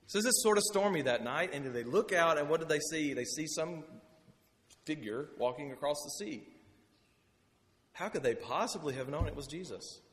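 A man's voice: a little high, lively intonation, normal speed, a bit bright. A man preaching a sermon in a conversational storytelling way, with chatty asides. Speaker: pastor. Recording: long hall reverb.

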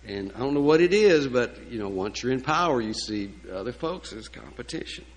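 A man's voice: medium pitch, animated, brisk, rough recording. A man preaching a sermon in a folksy, emphatic way, with asides and fillers. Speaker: pastor.

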